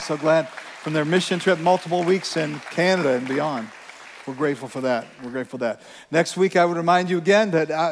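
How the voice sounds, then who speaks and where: Earnest pastor preaching in a reverberant hall. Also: male voice, on the high side. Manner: earnest, emphatic, reads scripture slowly. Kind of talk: sermon. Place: church sanctuary. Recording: long reverb from a large church hall.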